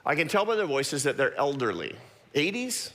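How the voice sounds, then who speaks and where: Man, middle-aged, animated storyteller, long hall reverb. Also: on the high side. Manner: animated, self-deprecating storyteller with quick asides. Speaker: guest speaker. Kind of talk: storytelling talk to an audience. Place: large church auditorium.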